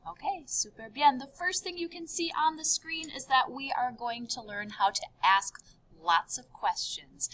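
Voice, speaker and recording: A woman with a fairly high voice teaches a recorded French lesson, upbeat as she drills each word with sharp, rising repeats.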